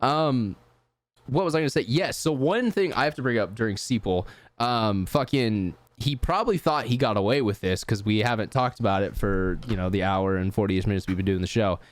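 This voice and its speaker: A man's voice: lowish voice, animated, brisk, dry recording. A young man hosting a podcast in casual chat, laid-back, laughing easily and swearing freely. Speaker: podcast host.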